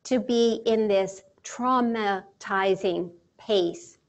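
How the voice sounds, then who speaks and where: A woman leading a guided mindfulness talk, speaking calmly and slowly with deliberate pauses. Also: mid-range voice. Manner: calm, slow and measured, with deliberate pauses. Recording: dull lo-fi sound with faint music.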